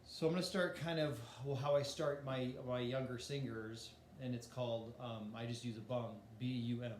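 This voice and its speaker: A man's voice: mid-range voice, fairly even intonation, moderate pace, echoey room, a little hiss or hum. A man teaching a voice lesson in a casual, explanatory way, demonstrating breathing and singing exercises. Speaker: music teacher.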